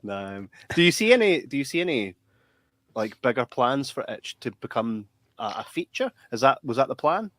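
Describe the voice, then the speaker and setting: A man's voice: medium pitch, very animated, moderate pace, a bit bright. A man, hosting a podcast and joking with his guests. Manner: jokey, chuckling interviewer. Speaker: podcast host. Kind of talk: casual podcast chat.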